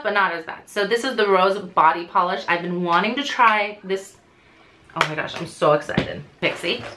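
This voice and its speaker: A woman in her thirties chatting through a casual unboxing vlog, gushing and excitable, gasping often. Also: mid-range voice, a little hiss or hum. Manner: gushing, excitable, frequent gasps. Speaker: beauty vlogger.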